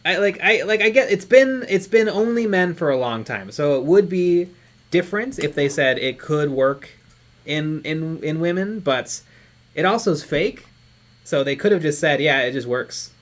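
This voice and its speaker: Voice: medium pitch, expressive, moderate pace. A live stream co-host chatting casually while painting miniatures, reading out viewer comments and laughing often.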